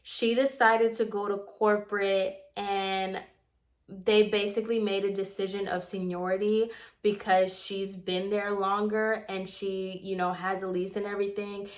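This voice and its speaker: A young woman vlogger recounts a story in casual conversation, getting animated and heated as she quotes the back-and-forth. She speaks at a measured pace with a medium pitch.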